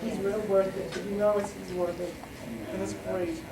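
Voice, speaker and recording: A middle-aged man giving a rambling, joking wedding toast, halting often with fillers as he loses his thread. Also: high voice, little pitch movement, noisy background. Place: wedding reception hall. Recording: echoey hall from far off, crowd chatter.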